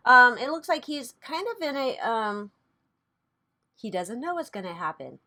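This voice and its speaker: A woman's voice: a little high, sing-song, unhurried, sharp tone. A woman hosting a casual tarot reading vlog, chatty and loose, who swears freely and laughs at herself. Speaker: tarot reader and channel host.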